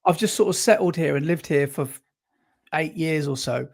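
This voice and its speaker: A man's voice: fairly high pitch, normal speed, creaky. Rambling man. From West Midlands, England. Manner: rambling, stop-start, corrects himself often. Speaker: podcast co-host. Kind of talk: casual chat.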